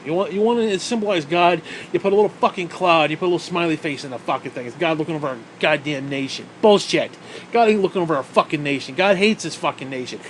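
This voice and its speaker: Guy ranting to camera, cussing every other word, sarcastic, kinda high voice, faint hum behind. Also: quick pace. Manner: angry, swearing constantly, sarcastic. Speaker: vlogger. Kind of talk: profane ranting monologue.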